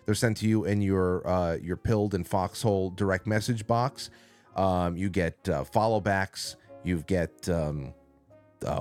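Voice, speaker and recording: A man with a deep, darkish voice hosts a casual call-in stream from a small studio, recorded on a studio mic. He rambles along and reads out names from the chat.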